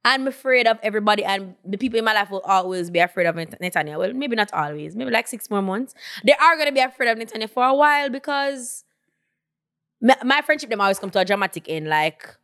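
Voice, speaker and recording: Woman chatting on a podcast, kinda drunk, sharp bright voice, joking about herself. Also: mid-range voice, animated, fast. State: tipsy. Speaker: podcast co-host. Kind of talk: casual podcast chat.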